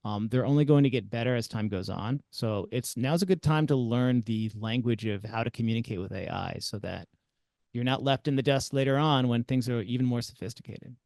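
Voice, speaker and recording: A man answering as a guest expert, thoughtful and pausing with fillers. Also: mid-range voice, vocal fry, a little mellow, no room sound. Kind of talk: interview answers.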